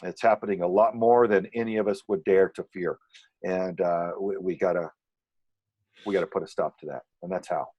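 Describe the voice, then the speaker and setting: A middle-aged man from the United States, a guest in a casual conversation, giving earnest and measured advice. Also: low voice, fairly even intonation, a little mellow, husky, dry recording, muffled recording.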